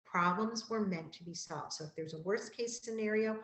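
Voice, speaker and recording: A woman school counselor giving a calm, gentle, explanatory presentation to parents, repeating key phrases. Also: mid-range voice, moderate pace, reverberant, rough recording.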